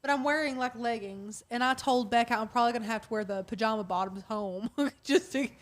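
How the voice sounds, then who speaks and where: A woman's voice: fairly high pitch, brisk. A woman co-hosting a craft livestream, chatting casually and reading viewer comments aloud. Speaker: co-host.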